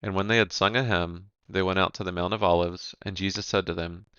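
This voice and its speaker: A man giving a measured, even reading of Bible scripture, announcing each section heading. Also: sits low, clear, resonant tone, no room sound, muffled recording. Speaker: scripture reader.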